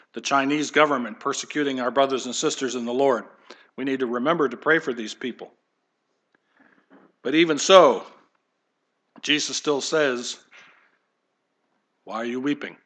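A man's voice: mid-range voice, fairly bright tone. A man preaching a conversational sermon to his congregation, with light humor and asides. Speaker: pastor.

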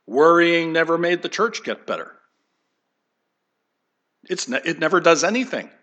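A man preaches a sermon in a lively, conversational way, sliding into acted-out voices and folksy jokes. His voice sits a little high and has a bright, forceful edge. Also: normal speed, lo-fi sound. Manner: animated, acts out quoted voices. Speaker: pastor.

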